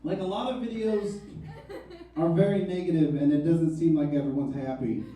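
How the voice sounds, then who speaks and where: Comedian in his thirties, self-mocking and wry, with a soft, mellow tone; the recording is distant. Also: fairly high pitch, steady tone, normal speed, a little hiss or hum. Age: 30s. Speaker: stand-up comedian. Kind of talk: stand-up comedy set. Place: comedy club stage. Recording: echoey club, mic from far off.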